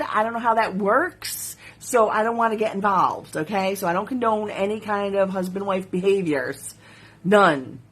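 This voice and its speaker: Woman, husky voice, jewelry maker on a live stream, chatty, giggly, reads comments aloud. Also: mid-range voice, fairly bright tone. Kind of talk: casual live-stream chat. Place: home studio.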